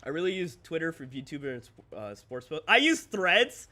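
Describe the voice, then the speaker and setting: A male streamer with a high, bright, sharp-edged voice chats loosely with his live audience. He rants candidly and swears freely, breaking into quick laughs between his points. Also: very animated. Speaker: streamer and content creator. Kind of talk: casual livestream chat.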